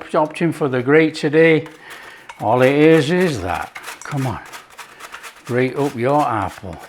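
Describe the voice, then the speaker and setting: Guy doing a cooking vid, upbeat and chatty, voice sits a bit high. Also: a little hiss or hum. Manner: chatty, enthusiastic, talks straight to viewers. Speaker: cooking channel host. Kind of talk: casual cooking demonstration.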